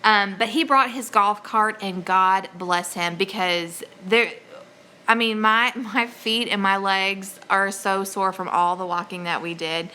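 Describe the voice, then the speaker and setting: A woman hosting a homesteading channel, chatting casually on a live stream in an excitable, rambling way with lots of fillers. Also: medium pitch, measured pace.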